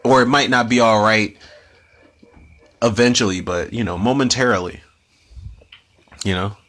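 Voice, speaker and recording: A young man talks over a movie as commentary host, rambling through slang and freely dropped curses. His voice sits on the lower side but carries a forceful, bright edge. The talk is loose and chatty, full of asides. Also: steady tone, a little slow.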